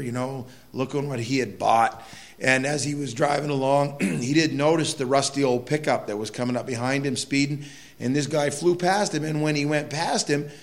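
A man's voice: mid-range voice, gravelly. A middle-aged man preaching a sermon in a conversational way, telling folksy stories with asides to the congregation. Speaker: pastor.

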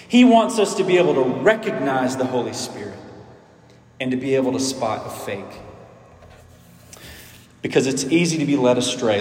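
A man's voice: a little high, echoey room, in a large hall. A man preaching a sermon as pastor, conversational, asking rhetorical questions and restarting phrases.

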